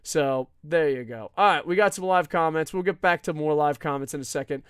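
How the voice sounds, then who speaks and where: A man hosting a live wrestling podcast alone, ranting loudly and swearing often as he reads viewer comments. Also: on the high side, fairly quick, clear, resonant tone, no echo, studio quality. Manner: loud, profane, often yelling.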